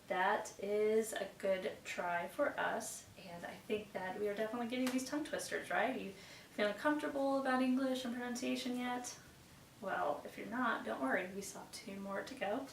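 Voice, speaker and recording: A woman with a medium-pitched voice teaches a class English pronunciation, praising her students often and carefully reciting tongue twisters. She's far from the mic, in a roomy, echoing space with faint background noise.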